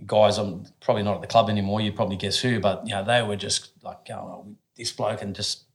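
A lower-voiced Australian man in his forties tells stories as a guest on a talk podcast. He speaks bluntly and casually, swears without hesitation, and often stops and restarts his sentences. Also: flat delivery, quick pace. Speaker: guest, former professional athlete.

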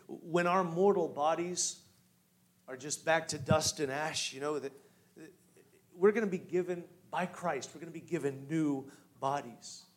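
A man preaching a sermon who moves from hushed storytelling to loud, rising exhortation and asks the congregation direct questions. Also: a little high. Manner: guides listeners with direct questions. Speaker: pastor.

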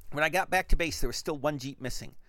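A man telling an absurd comic story in the first person, with a wry, animated narration. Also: fairly high pitch, fast talker, no room sound.

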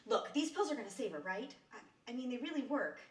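A woman's voice: fairly high pitch, very animated, fairly quick, far from the mic. An actress playing a worried, earnest young woman who apologizes and seeks reassurance. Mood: anxious. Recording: roomy stage heard from afar.

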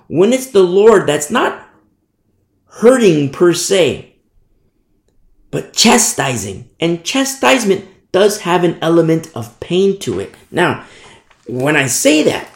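A man preaching a verse-by-verse sermon as pastor, emphatic and repeating his key phrases. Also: on the high side. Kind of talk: expository sermon. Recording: roomy echo.

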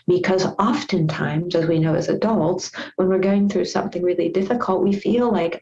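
A woman's voice: mid-range voice, normal speed, hardly any pauses, mellow, highs cut off. A woman speaking as a parenting guest expert on a podcast, earnest and repeating her key points for emphasis. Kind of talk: podcast interview.

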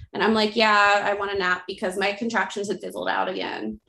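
A woman in her thirties casually telling her birth story as a podcast guest, animated and acting out the voices of others. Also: medium pitch, brisk, a little hiss or hum. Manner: animated, acts out quoted voices, frequent likes. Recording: roomy echo.

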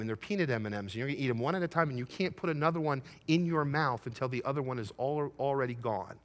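A middle-aged male pastor preaching a sermon, swelling to loud emphatic peaks and telling a folksy story about his son. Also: mid-range voice, quick pace, hardly any pauses.

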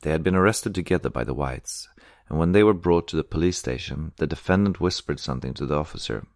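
Very deep-voiced male audiobook reader. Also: quick pace, creaky, darkish tone, no room sound, studio quality. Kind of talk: audiobook narration.

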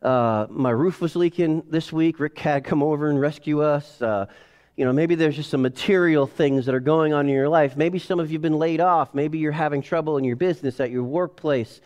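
Animated casual man preaching a sermon. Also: fairly high pitch, moderate pace. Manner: casual and animated, acts out family scenes. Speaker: pastor. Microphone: headset or lapel mic.

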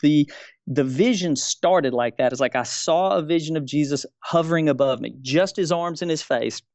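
Earnest man with a smooth voice. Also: a little high, normal speed, a little mellow, no echo. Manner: earnest, searching for words, repeats key phrases. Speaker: guest. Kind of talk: personal testimony in a debate.

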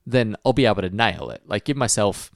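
A man's voice: on the low side, animated, brisk, no room sound, studio quality. A man co-hosting a podcast in a casual, self-mocking chat, chuckling at himself. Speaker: podcast co-host. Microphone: home mic stand.

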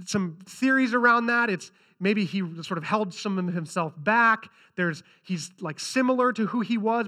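Man, pastor, sermon, earnest, repeats for emphasis, bright voice. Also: sits high. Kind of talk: sermon with scripture reading.

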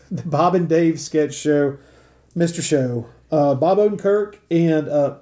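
A man's voice: a little high, slow, warm tone. A man hosting a casual podcast roundtable, chatty and wry, often breaking into laughter. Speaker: podcast host.

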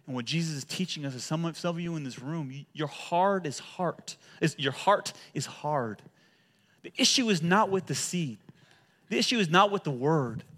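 A man preaching a sermon to a church congregation as pastor, energetic and humorous, often repeating words and calling for responses. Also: sits high.

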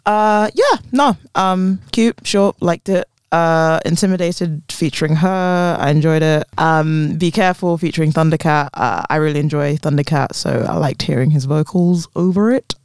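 Casual podcast co-host, laid-back, filler-heavy, dry close mic. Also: male voice, on the high side, normal speed, hardly any pauses, clean tone, no echo. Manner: relaxed, lots of ums and yeah-no fillers. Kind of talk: casual music chat.

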